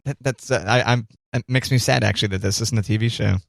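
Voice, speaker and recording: A man's voice: medium pitch, fast talker, creaky, no room sound, clean studio sound. A man co-hosting a radio show in casual banter, teasing and jokey, rambling a little.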